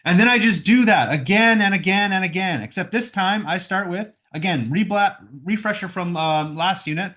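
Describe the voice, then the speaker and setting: This man, a math teacher with a somewhat high voice, narrates each step of a math problem at a moderate pace with hardly any pauses, frequently adding "right?". The lesson is recorded at home through a computer microphone.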